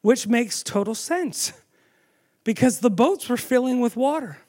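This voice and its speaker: A man preaching a sermon, telling the story with animated storytelling and asking the audience questions. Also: very high-pitched, measured pace.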